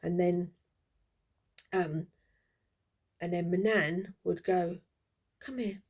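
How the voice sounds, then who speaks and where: Husky, gravelly woman chatting. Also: lowish voice, flat delivery, very slow, darkish tone. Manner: chatty, rambling, reminiscing. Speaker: crafter vlogger. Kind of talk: casual chat while crocheting.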